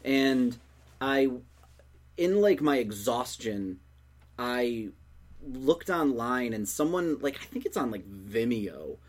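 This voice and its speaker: A man's voice: mid-range voice, lively intonation, slow. A young man in casual chat, rambling through a story with many fillers and restarts.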